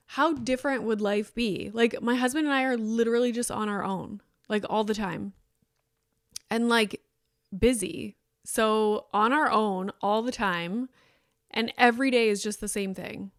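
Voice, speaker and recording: A woman's voice: a little high, a little slow, no echo, clean studio sound. A woman in her thirties hosting a podcast, telling a rambling personal story in casual chat with lots of "like". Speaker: podcast host.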